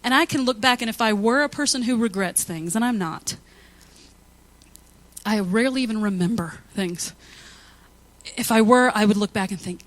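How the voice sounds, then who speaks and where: Chatty, animated woman pastor preaching. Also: a little high, moderate pace, pauses often. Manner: chatty, anecdotal, laughs often; animated storytelling with quoted asides. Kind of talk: conversational sermon.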